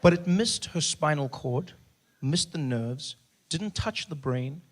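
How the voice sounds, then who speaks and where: A man telling a stand-up comedy story on stage, deadpan with punchy bursts. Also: fairly high pitch, slow pace, a little hiss or hum. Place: comedy stage before a live audience.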